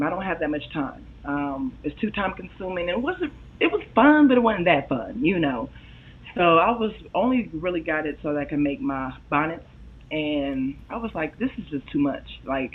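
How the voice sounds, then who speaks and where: A woman guest chatting casually on a live stream, slangy and laughing often, heard over a video call. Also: sits low. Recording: tinny remote call audio.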